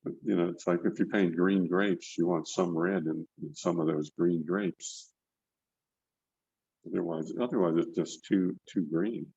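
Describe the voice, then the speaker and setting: A man's voice: low-pitched, fairly even intonation, measured pace, creaky, mellow, husky, dry recording, highs cut off. An older man teaching a painting demonstration over a video call, talking loosely and repeating words as he paints. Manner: rambling, repeats words while working. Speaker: painting instructor. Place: indoor studio, online video session. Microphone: video call mic.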